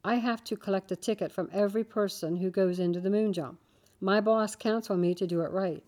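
A woman reading the part of a shy, hardworking teenage boy who speaks calmly and politely in a children's story. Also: medium pitch, fairly quick, natural voice. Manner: calm, polite.

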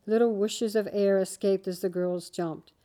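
A woman reading a children's story aloud, with steady, gentle storytelling. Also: medium pitch, measured pace. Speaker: narrator.

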